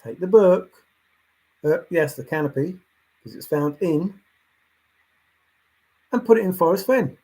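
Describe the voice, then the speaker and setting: A man delivering a lecturing, insistent monologue, repeating himself and swinging between quiet talk and loud outbursts. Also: high-pitched, expressive, measured pace, long pauses, low-quality recording. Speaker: treasure hunt commentator. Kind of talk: ranting monologue.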